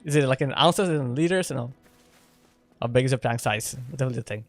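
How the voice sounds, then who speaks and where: A man's voice: medium pitch, fast, no echo, faint music behind. A man streaming a video game in casual chat, playful and laughing often as he talks with his viewers. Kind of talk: casual live gameplay chat.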